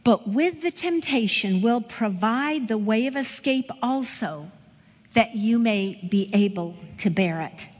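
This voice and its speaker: High-voiced woman teaching Bible study. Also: a little slow. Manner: expressive, asks the audience questions. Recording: echoey hall with long reverb.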